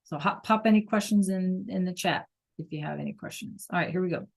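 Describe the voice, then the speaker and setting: A woman's voice: lowish voice, brisk, gravelly. A woman teaching an online Spanish class, explaining in a casual, chatty way with fillers and check-ins with her students.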